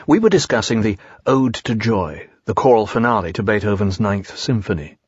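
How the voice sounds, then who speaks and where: A man with a husky, lively voice reads an audiobook in a calm, measured storytelling manner. His pitch moves freely as he narrates. The audiobook recording is dry and a little muffled. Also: no room sound. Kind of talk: scripted narration.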